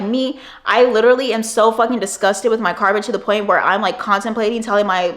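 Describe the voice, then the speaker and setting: A young woman in her twenties tells a personal story to camera in a casual, rambling way. Her talk is full of "like" fillers and she swears often. Her voice sits in an ordinary middle pitch. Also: fairly bright tone. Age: 20s. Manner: rambling, profane, many "like" fillers. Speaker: vlogger.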